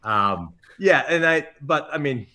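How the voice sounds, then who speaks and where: A man's voice: a little high, takes it slowly. A chef as a podcast guest, a man telling stories casually, acting out quotes and laughing often. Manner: lively storyteller who acts out quotes and laughs often. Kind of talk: casual interview chat.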